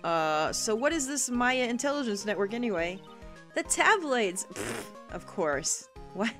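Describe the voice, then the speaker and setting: A woman hosting a let's play, reacting with excited exclamations and frequent laughter while reading the game aloud. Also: fairly high pitch, a little slow. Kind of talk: video game commentary. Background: faint game music.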